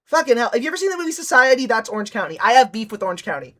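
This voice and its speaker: High bright-voiced ranting woman streamer. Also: big pitch swings, rapid-fire. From from Nevada. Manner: profane, ranting, mocking. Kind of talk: casual stream chat.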